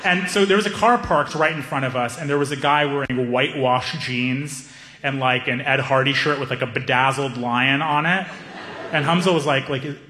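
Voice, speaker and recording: A man telling a stand-up story, animated, acting out the people in it. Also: medium pitch, normal speed. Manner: animated, acts out characters. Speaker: stand-up comedian. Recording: echoey hall reverb.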